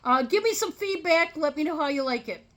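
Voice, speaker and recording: A woman's voice: sits high, lively intonation, a bit bright. A woman casually telling a story to her viewers, chatty, with many fillers. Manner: chatty and drawn-out, lots of fillers. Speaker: storyteller vlogger.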